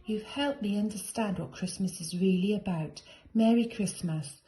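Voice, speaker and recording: A gruff, bewildered bearded man in a red coat from a storybook, as a woman reads him aloud. His voice is soft and mellow. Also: mid-range voice, normal speed, natural voice, poor audio. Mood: moved.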